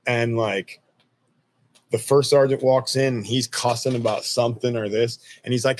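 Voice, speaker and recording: This is a man in his thirties with an ordinary mid-range voice. He tells old army stories in a loose, unhurried way, cursing freely and laughing at his own memories. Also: medium pitch, fairly even intonation, a little mellow. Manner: laid-back, profane, laughs while telling stories. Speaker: army veteran guest. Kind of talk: casual storytelling interview.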